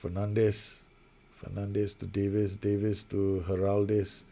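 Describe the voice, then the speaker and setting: A man's voice: on the low side, monotone, slow pace, gravelly, warm tone. A man giving casual, rambling, self-mocking play-by-play commentary over a football management game he is playing. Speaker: gaming video host.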